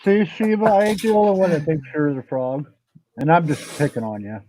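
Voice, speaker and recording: An American man with a slightly high, warm voice hosts a casual online panel, speaking fairly quickly. He teases the group and swears freely, and the online audio sounds muffled and dull.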